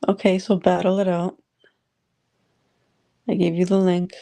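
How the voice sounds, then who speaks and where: A woman's voice: lowish voice, level tone, unhurried, vocal fry, dark tone. A woman hosting a casual live audio chat, greeting listeners by name and reading their comments aloud. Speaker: live audio room host.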